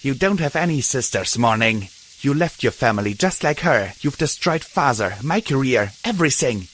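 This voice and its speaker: A man's voice: mid-range voice, lively intonation, normal speed, a bit bright, natural voice. A man doing a scornful, bitter mare soldier. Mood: scornful, hostile. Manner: hissing, scornful. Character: hostile older mare soldier, proud and bitter.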